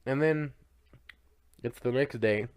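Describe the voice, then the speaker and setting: A man's voice: mid-range voice, slow pace, clean tone. A man co-hosting a podcast, casually retelling a film's plot with lots of fillers. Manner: rambling, filler-heavy retelling. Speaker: podcast co-host. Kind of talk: casual film recap chat.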